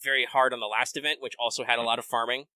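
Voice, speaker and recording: A man's voice: mid-range voice, rapid-fire, dry recording. A man co-hosting a casual gaming podcast, joking and ranting with plenty of profanity. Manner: animated, profane, joking rants. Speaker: podcast co-host.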